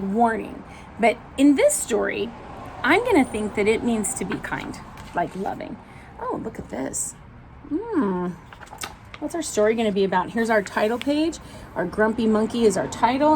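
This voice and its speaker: A woman reading a picture book aloud, with animated, chatty asides about the pictures and her daughter. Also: fairly high pitch, slight background noise, rough recording.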